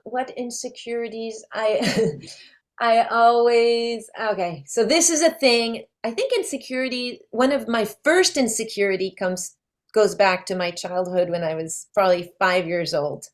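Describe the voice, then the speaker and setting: A woman, a guest chatting in an interview and telling lively stories with frequent laughs. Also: on the high side, a little slow. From France. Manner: animated storyteller, laughs often. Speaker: guest, actress. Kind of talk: casual interview chat.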